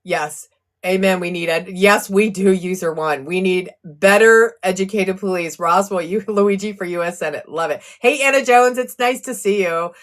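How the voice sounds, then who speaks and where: Speaking at a moderate pace with a medium-pitched voice, a woman livestreams casual true crime commentary about a legal case. Fired up and agitated enough to raise her blood pressure, she vents and reads out viewer comments.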